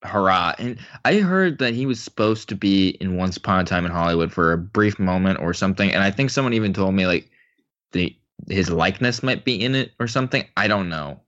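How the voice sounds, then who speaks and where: A man's voice: deep voice, expressive, brisk, a bit bright. A man co-hosting a casual film podcast, hesitant and filling his sentences with "like". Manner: hesitant, fills with "like". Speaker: podcast co-host. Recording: dull lo-fi mic.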